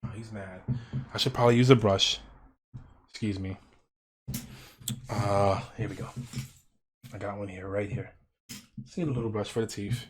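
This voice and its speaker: Guy doing a soft slow painting show bit on stream, lowish voice, deadpan. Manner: quiet, gentle, drawn-out delivery with deadpan dark jokes. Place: home streaming setup.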